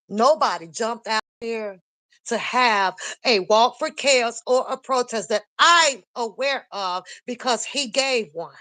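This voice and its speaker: An older woman rants on a casual live stream, blunt and profane, her speech bursting with animation. Her voice sits a little high and comes through close and dry, with no room sound around it. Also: pushed and bright, no room sound. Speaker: commentary channel host.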